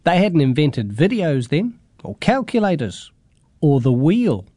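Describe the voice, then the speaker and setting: A man's voice: on the high side, sing-song, measured pace, mellow, no room sound. A man reading a teasing big sister's lines in a storybook. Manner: teasing, sarcastic.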